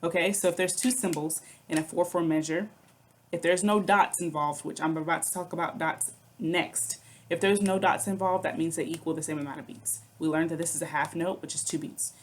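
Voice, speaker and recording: Woman music teacher with a lowish voice, patient, counting beats aloud, faint hiss behind. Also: steady tone, a little fast. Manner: patient, counts aloud and chants rhythm syllables. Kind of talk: recorded online music lesson.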